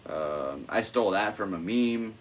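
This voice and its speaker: A man's voice: fairly low pitch, expressive, measured pace, slight background noise. A young man and podcast host chatting casually about his stand-up comedy, rambling and full of fillers. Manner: rambling, self-amused, lots of fillers. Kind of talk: casual solo chat.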